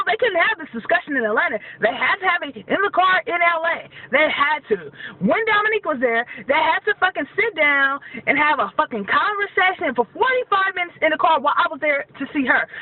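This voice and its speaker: A young man in his twenties, venting in a heated, profane rant to the camera, recorded with tinny, phone-like sound from a distance. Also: very high-pitched. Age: 20s. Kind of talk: angry personal rant to camera.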